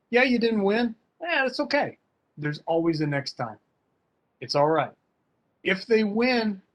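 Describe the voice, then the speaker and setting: A man with a fairly high-pitched voice, recorded with lo-fi sound, talks casually and emphatically, packing his speech with slang. He's a fencing coach appearing as a guest speaker in an online workshop.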